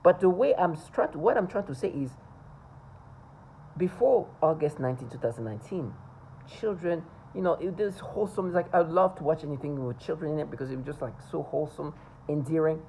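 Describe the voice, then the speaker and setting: A woman talking to camera in a personal vlog monologue, earnest and insistent, often halting, repeating words and restarting sentences. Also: low voice, expressive, dark tone, a little hiss or hum, rough recording. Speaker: vlogger.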